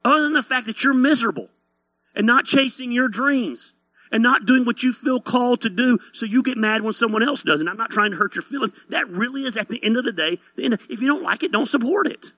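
A man's voice: very high-pitched, lively intonation, quick pace, bright, forceful tone, no echo. Guy preaching bluntly, teasing the crowd, voice swings all over, close dry mic. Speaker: pastor. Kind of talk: sermon.

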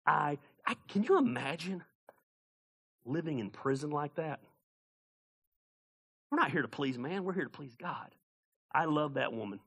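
A man preaching a sermon as pastor, animated, with shouted bursts and jokes. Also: a little high, a little slow, pauses often, breathy edge.

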